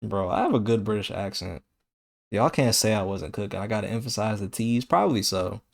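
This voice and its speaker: A man streaming a video game, giving casual commentary in a slangy, excitable way. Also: lowish voice, a little fast, vocal fry.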